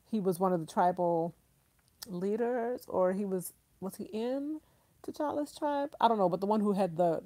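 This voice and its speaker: A woman's voice: medium pitch, mellow, no room sound. A woman hosting a casual live stream, chatting effusively, laughing often and reading out viewer comments.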